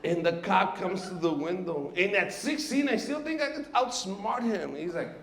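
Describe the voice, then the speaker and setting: A man doing a stand-up comedy set, telling stories in an animated way and acting out other people's voices. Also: high-pitched, normal speed, background noise. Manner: storytelling, animated, acts out voices of his dad and the police. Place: comedy stage before a live audience. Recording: echoey stage recording with loud audience laughter.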